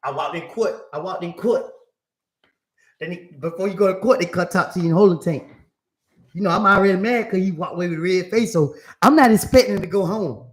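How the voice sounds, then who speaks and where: A young man, telling a story to his chat in a casual, animated way and acting out the other people's voices. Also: high voice, a little fast.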